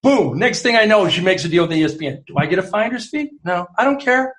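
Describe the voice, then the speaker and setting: Talking quickly in a high voice, a middle-aged man appears as a guest sports columnist. He rambles through lively anecdotes in a casual chat, full of restarts, and the sound is reverberant.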